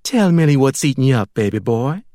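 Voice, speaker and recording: A man's voice: mid-range voice, big pitch swings, fairly quick, mellow, no room sound, studio quality, voice pushed up, lightly acted. A man voicing a clingy, doting woman who coos and pleads, in an audiobook reading. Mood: coaxing. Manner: cooing, pleading, baby talk.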